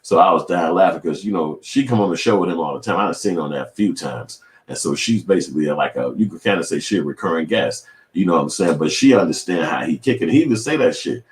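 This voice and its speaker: In an echoey room, a Chicago man in his 40s, an independent filmmaker and vlogger, rants casually to camera. His low-pitched voice is animated and fast with few pauses, and his street talk is profane and emphatic.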